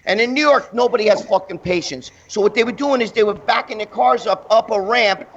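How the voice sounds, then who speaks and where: Male guest, high-pitched, foul-mouthed animated storyteller, light background hiss. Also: brisk, vocal fry, dull audio. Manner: profane, animated, acts out other people's lines. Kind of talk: casual talk-show storytelling.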